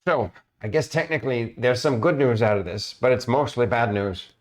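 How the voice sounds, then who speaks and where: Guy doing a worried guild boss, stammery, rambles on and on, pitched up a little. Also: moderate pace, close to an everyday voice. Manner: stammering, fretful, long-winded.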